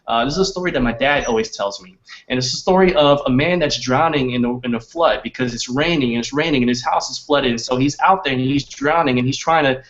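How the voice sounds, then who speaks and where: A man hosting a webinar, giving an emphatic, repetitive sales pitch full of rhetorical questions. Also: fast talker, a bit bright, dull audio. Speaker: webinar host and sales coach. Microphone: webinar microphone.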